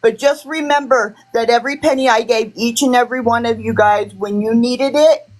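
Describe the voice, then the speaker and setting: A woman's voice: a little high, normal speed, low-quality recording. A woman insistently defending herself on a livestream in an aggrieved tone. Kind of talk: emotional defensive monologue.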